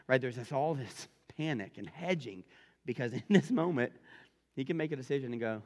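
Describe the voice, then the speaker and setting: A male pastor preaching a sermon in an animated way, repeating phrases for emphasis. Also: mid-range voice, brisk, long reverb tail.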